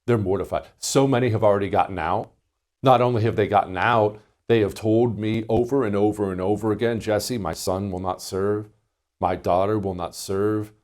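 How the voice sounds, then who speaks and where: Emphatic lower-voiced male talk host. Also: fairly even intonation, moderate pace, a little mellow. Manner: emphatic, indignant. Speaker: radio show host. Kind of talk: political commentary monologue.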